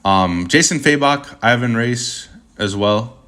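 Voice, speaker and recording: A young man talks loosely to his stream chat in an average-pitched voice. He rambles and gets animated, stumbling over his words and restarting his sentences often. He peppers his talk with casual slang. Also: slow. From Puerto Rican heritage.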